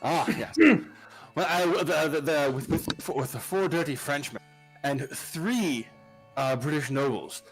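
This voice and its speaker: A man's voice: on the high side, vocal fry, faint music behind, rough recording. A man playing a bumbling archduke who rambles with constant ums and restarts in an improvised tall tale. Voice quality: halting, full of ums and restarts.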